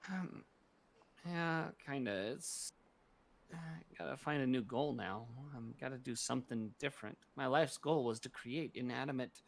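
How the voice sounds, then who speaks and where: A man voicing a giddy, babbling male inventor who shrieks in excited bursts. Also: medium pitch, moderate pace, vocal fry, natural voice. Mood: deflated.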